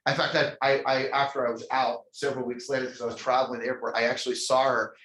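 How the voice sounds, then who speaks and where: On stage in a large, echoey room, a company CEO tells a live audience a funny, self-mocking story, chatty and full of restarts. His mid-range voice is fast and a bit bright, with little pitch movement.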